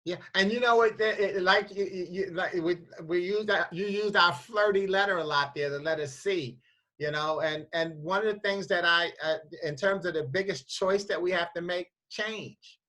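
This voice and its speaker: A woman hosting a casual inspirational chat who tells animated stories, often repeating her words and laughing while she tells them. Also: fairly low pitch, moderate pace, rough recording. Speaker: host.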